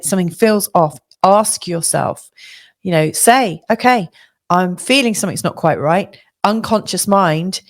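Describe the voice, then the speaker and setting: A middle-aged woman astrologer with a mid-range voice gives a monthly forecast in a reflective, coaching way. Her delivery has many fillers and restarts.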